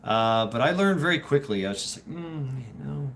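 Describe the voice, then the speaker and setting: A man's voice: mid-range voice, animated, fairly quick, a bit bright, slight background noise. A man hosting a casual live stream, chatting with viewers in a rambling, profane way, laughing often and restarting his sentences. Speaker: streamer host.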